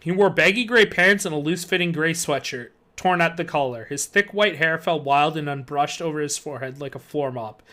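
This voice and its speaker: A man reads a children's horror novel aloud on a live stream. His voice is bright and a little high, and he tells the story expressively. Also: brisk, few pauses. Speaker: streamer reading a book aloud.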